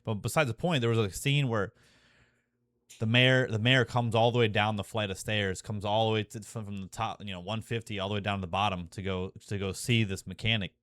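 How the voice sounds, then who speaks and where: A young man with a lowish voice rambles through a casual monologue, swearing freely and tripping over fillers and restarts. He gets more emotional and intense as he talks. The sound is dry and close, with no room echo. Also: steady tone, brisk, a bit bright. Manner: profane, filler-heavy, restarts often.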